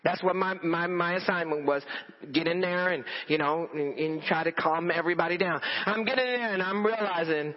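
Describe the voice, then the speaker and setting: A man preaching a storytelling sermon to a congregation, animated and repeating phrases for emphasis. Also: sits high, brisk. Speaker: pastor. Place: church in front of a congregation. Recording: dull lo-fi audio with long hall reverb.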